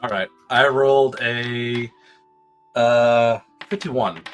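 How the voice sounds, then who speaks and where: A man's voice: mid-range voice, steady tone, slow pace, faint music behind. A man narrating as game master, stammering, laughing and swearing loosely.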